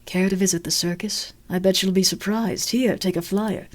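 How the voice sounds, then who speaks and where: A woman voicing a sly, posh male circus clown who teases and taunts in a smooth, mocking way while streaming a game. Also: mid-range voice, steady tone, moderate pace, lightly acted. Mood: inviting. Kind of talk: live-streamed game voice acting.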